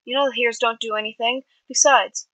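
A woman's voice: on the high side, steady tone, a little fast, sharp tone, no echo, voice pushed up, rough recording. A woman reading as a brash teenage boy. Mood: defiant.

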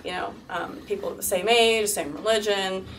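A candid young woman in her twenties telling stories to an audience at a university talk, laughing often and acting out what others said. Her voice sits at a middle pitch. She is picked up from some distance, with a faint hum of the room behind her. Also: steady tone, moderate pace. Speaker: guest speaker. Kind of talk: interview-style talk to a live audience.

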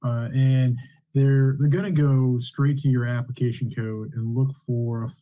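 Young man giving a mellow technical talk. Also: mid-range voice, fairly even intonation, low-quality recording. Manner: measured, with frequent "uh" fillers. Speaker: guest speaker. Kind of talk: technical presentation.

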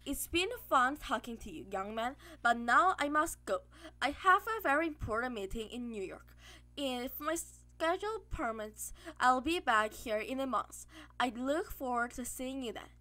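A woman voicing a grandiose, mad and very rich man who is a villain, speaking in calm, self-assured speeches. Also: high voice, normal speed. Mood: dismissive.

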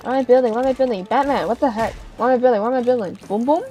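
A young woman playing a video game and reacting out loud, giggling often and shrieking with excitement. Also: on the high side, very fast. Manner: giggly, excitable, squealing exclamations. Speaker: gamer. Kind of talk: casual gameplay commentary. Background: game music.

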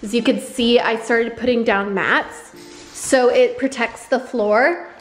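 A woman vlogger giving an excitable, chatty tour of her own home. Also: a little high, slow pace, soft background music. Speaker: lifestyle vlogger. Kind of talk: casual home tour vlog.

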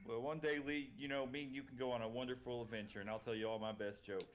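A man's voice: medium pitch, steady tone, fast talker, close to an everyday voice. A man voicing a jovial, pun-loving earth-folk adventurer with a folksy drawl in a tabletop role-play. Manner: drawling, folksy, hesitant with fillers.

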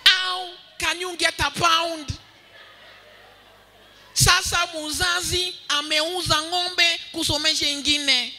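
A man imitating an angry male physics teacher with a heavy Kamba accent, scolding a student slowly and emphatically. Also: very high voice, steady tone, sharp tone, faint music behind, pitched above the performer's own voice, exaggerated voice. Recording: reverberant hall.

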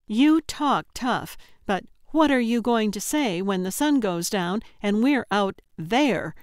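Exasperated young woman hiker, frightened, higher pitched, loud, smooth, as a woman narrator does her. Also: lively intonation, slow pace, no room sound, clean studio sound. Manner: exasperated, defensive.

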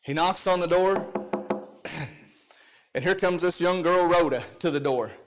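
A man's voice: sits high, a little slow, a little hiss or hum. A pastor preaching a sermon with an impassioned, sing-song cadence and frequent call-outs to his congregation.

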